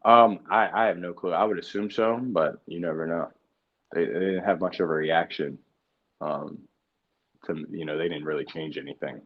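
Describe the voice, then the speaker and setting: A young man, a pro football quarterback, talking casually as an interview guest, energetic and profane, with lots of fillers and restarts. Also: sits low, normal speed, highs cut off. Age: young adult.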